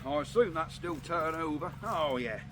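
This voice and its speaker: Chatty man with a lively voice. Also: a little high, normal speed, background noise. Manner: chatty, cheerful, talks to viewers. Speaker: vlogger. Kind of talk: casual chat to camera. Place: outdoor farm yard. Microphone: phone propped up.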